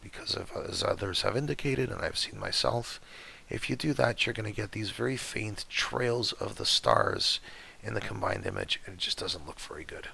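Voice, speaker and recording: Gravelly, husky man explaining software. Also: fairly low pitch, normal speed. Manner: relaxed, chatty, step-by-step with fillers. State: voice cutting in and out. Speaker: astrophotography tutorial maker. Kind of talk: screen-recorded software walkthrough.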